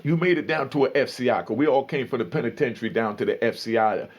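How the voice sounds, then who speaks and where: A man telling a story casually, slangy and animated, acting out the people in it. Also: medium pitch, fast talker. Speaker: storyteller recounting prison life.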